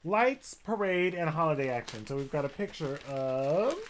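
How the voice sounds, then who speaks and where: A man's voice: on the high side, animated, normal speed, a little hiss or hum. A man vlogging a heated commentary rant, talking in a profane, conversational way. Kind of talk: ranting commentary vlog. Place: Seattle, Washington.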